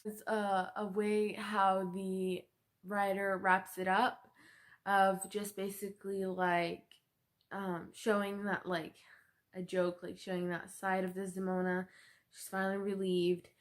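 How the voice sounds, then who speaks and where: A woman's voice: mid-range voice, little pitch movement, takes it slowly. A young woman student giving a book report presentation, talking hesitantly with many fillers.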